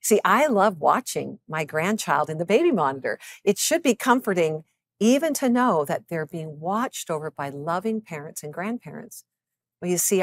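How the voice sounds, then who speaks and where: A psychologist and author in her fifties reads a scripted devotional, addressing the listener earnestly and encouragingly. Her voice is on the low side, and she slows down to give scripture passages deliberate weight.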